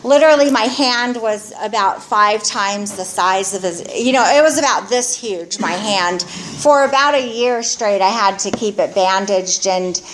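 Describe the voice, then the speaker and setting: A middle-aged woman giving a candid, rambling personal testimony about her recovery from alcoholism, talking in a halting, confessional way. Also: mid-range voice, a little hiss or hum.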